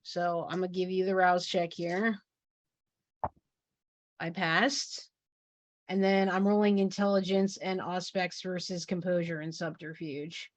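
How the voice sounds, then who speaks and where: A woman's voice: fairly low pitch, flat delivery, unhurried, long pauses, dry recording, dull audio. Chatty woman player, dry close sound. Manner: chatty, asks the storyteller many questions. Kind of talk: casual tabletop play.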